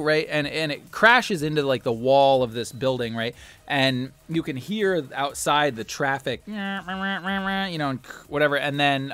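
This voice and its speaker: A man's voice: medium pitch, fairly bright tone. A man narrating as game master in a tabletop game, rambling with many fillers.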